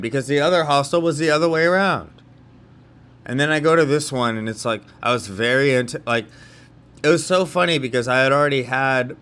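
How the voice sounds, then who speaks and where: A man's voice: mid-range voice, bright, forceful tone, smooth. A young man from California telling a story in a casual vlog monologue, rambling, with lots of fillers and restarts. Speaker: vlogger.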